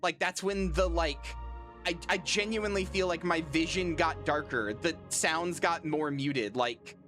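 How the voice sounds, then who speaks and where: A woman's voice: deep voice, a little slow, music in the background. A woman in her thirties, a streamer in casual chat with her audience, rambling, swearing freely and making dry, self-deprecating jokes. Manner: self-deprecating and dryly joking.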